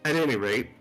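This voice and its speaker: A man's voice: mid-range voice, a bit bright. Hesitant man playing his tabletop character. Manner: halting, hesitant, laughing easily. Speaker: player. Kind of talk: in-character tabletop role-play.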